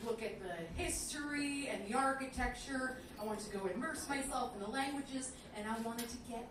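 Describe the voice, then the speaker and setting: A young woman with a high voice tells a stand-up story, chatty and self-deprecating and full of fillers. She is recorded from a distance in a very echoey club with clear room noise behind her. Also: normal speed. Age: 20s. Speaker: stand-up comedian. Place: comedy club stage.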